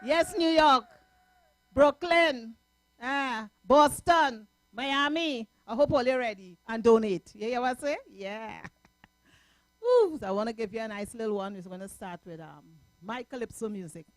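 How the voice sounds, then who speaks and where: High-voiced Trinidadian woman calypso singer. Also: moderate pace, no echo. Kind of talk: live stream performance chat.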